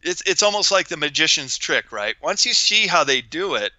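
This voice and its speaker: Gregarious male guest telling stories, very bright and crisp voice, dry close sound. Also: fairly high pitch, normal speed, no room sound, low-quality recording. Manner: gregarious, animated, acts out quoted voices. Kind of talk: casual storytelling chat.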